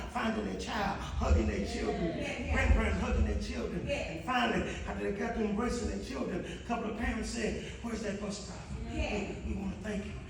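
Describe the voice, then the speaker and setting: A man preaching a revival sermon with fervor, telling a story in a folksy way and rising to shouts. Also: high-pitched, gravelly. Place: church sanctuary. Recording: echoey church hall from far off, congregation audible.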